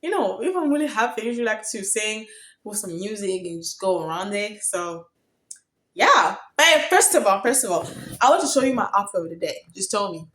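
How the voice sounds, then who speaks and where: A young woman from Africa telling a story in a casual vlog, chatty and excitable, getting loud when thrilled. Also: medium pitch, brisk. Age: young adult. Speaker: vlogger.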